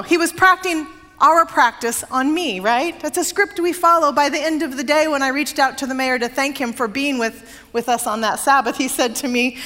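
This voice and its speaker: A woman's voice: high voice, fairly bright tone. A woman pastor delivering a sermon in a conversational, storytelling way, slipping into quoted voices and speaking directly to the congregation. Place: church sanctuary. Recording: long reverb of a large sanctuary.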